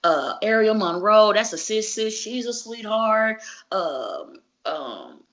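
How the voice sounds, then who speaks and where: A woman wrestler in a casual interview, telling stories in an animated, slangy and profane way. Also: mid-range voice, slow. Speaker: wrestler guest. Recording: dull lo-fi recording.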